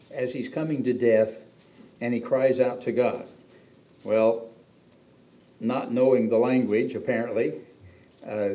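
A man delivers a sermon as a pastor, reading scripture and then unpacking it. His voice is mellow and warm, sitting in a middle pitch range. He often lifts his voice for emphasis. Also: low-quality recording. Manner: reads scripture then explains it, with frequent emphatic pitch rises.

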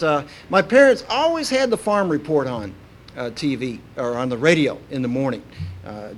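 A man delivers a sermon in a folksy, storytelling manner, often pausing on "uh." His voice sits somewhat high for a man. A faint low rumble runs under the recording. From Kentucky, USA. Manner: folksy and anecdotal, with frequent "uh" fillers. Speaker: preacher.

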